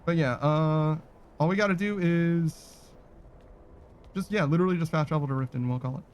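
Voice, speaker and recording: A man's voice: on the high side, fairly quick, a little mellow, smooth. A man giving casual, profane, sarcastic commentary while playing a video game. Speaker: gaming streamer.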